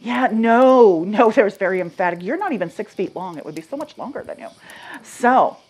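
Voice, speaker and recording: Dramatic woman storyteller, hushed then lively. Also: medium pitch, moderate pace, slightly rough. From Maine. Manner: dramatic, swings from hushed to loud and animated; asks the audience questions. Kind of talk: live storytelling to an audience.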